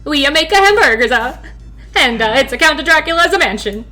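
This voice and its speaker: A woman voicing a bumbling, nervous male fry cook in a nerdy voice, halting and full of "uh" fillers. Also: expressive, sharp tone, soft background music, exaggerated voice. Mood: flustered. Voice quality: nerdy, higher than her own voice.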